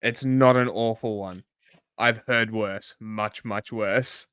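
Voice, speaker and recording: Chill guy riffing on a clip, smooth clear voice, dead dry sound. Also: on the low side, fairly even intonation, takes it slowly, fairly bright tone, dry recording. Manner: laid-back, chuckling, teasing. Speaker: stream co-host. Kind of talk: casual reaction chat.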